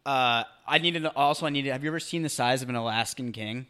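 A man's voice: mid-range voice, a little fast, pushed and bright, smooth. A young man co-hosting a podcast, rambling goofily in casual chat. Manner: rambling, goofy. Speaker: podcast co-host. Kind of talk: crude casual banter.

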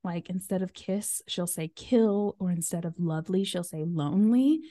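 A woman in her thirties chats on her podcast, with plenty of "um" and "like" as she goes. Her voice is mellow and dark, and the recording is dry with no room sound. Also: on the low side, moderate pace, no room sound. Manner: chatty, full of fillers and "like". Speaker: podcast host. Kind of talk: casual chat.

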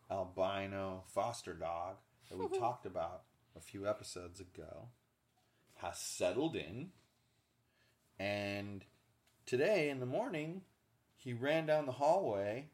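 A man co-hosting a podcast in casual chat, telling animated stories about his pets. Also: lowish voice. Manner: animated storyteller, acts out pets' thoughts in silly voices. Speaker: podcast co-host.

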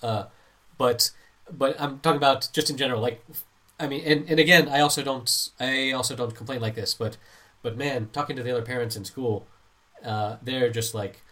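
A man's voice: mid-range voice, fairly even intonation, normal speed, bright, forceful tone. A middle-aged man and parent in casual chat, airing opinions and stumbling into his points.

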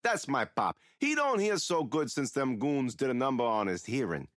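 An actor playing a rambling, mocking killer who taunts a captive priest in an audio drama. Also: male voice, medium pitch, big pitch swings, normal speed, a bit bright, dry recording, clean studio sound. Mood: taunting.

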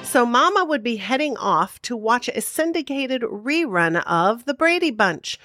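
A woman's voice: fairly high pitch, sing-song, a little slow, over loud music. A woman co-hosting a show, chatty and informative, reciting trivia with playful asides. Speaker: podcast co-host. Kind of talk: casual recap with trivia.

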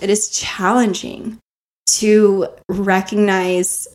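This self-help podcast host is a woman whose medium-pitched voice moves a bit slowly. Sitting near the microphone, she earnestly motivates her audience, guiding them with rhetorical questions.

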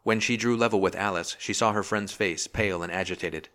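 Deep-voiced male audiobook narrator. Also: brisk, pushed and bright. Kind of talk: scripted narration.

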